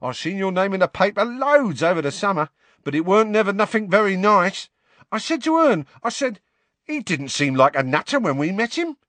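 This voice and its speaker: A high, eager young bus conductor, gossipy and excitable, tumbling out slangy chatter in a close, dry sound, as a male reader puts him on. He is full of cheer and nosy interest. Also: brisk, dry recording. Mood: eager gossip.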